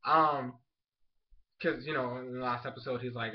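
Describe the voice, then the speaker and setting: A man casually recapping a cartoon episode in a rambling, excitable way, full of fillers. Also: mid-range voice, moderate pace, long pauses, lo-fi sound. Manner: excitable, rambling, heavy use of "like" and "oh my gosh". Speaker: anime show reviewer.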